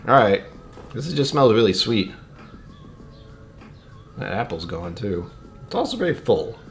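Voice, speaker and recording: A low-pitched man chats his way through a casual whiskey tasting on stream. He rambles, mutters to himself and often drops to a near-whisper. Soft music plays faintly behind him. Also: sing-song, a little slow, vocal fry. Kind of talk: casual livestream chat.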